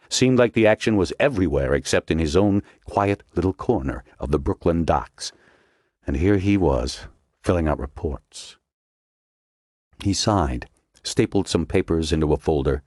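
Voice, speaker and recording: A man reading a thriller audiobook in a measured, dramatic storytelling manner. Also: extremely low pitch, darkish tone, no echo, clean studio sound. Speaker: audiobook narrator. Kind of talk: scripted narration.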